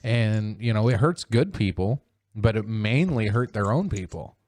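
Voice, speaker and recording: A man's voice: expressive, a little slow, darkish tone, dry recording. A man hosting a casual podcast, ranting about politics with plenty of swearing and mocking impressions. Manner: profane, heated, mocking mimicry in high voice. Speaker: podcast host.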